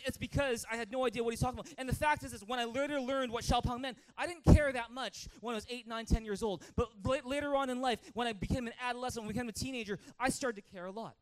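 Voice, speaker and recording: High-voiced energetic Canadian pastor. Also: male voice, fast talker, few pauses. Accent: Canadian English. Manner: energetic, calls for amens, tells stories with acted-out voices. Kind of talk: sermon. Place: church.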